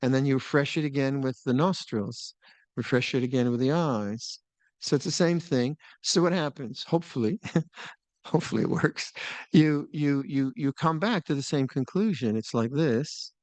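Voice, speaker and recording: An older man teaching meditation at a retreat, talking in a relaxed, musing way with small laughs and restarts. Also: mid-range voice, normal speed, no room sound. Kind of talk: Dharma talk at a retreat. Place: retreat hall.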